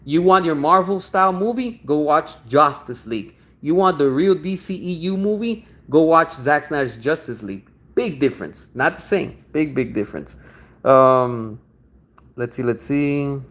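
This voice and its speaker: A young man hosting a casual livestream, reading viewer comments aloud and reacting in an excitable, slangy way, swearing freely. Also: on the high side, moderate pace. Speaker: livestream host.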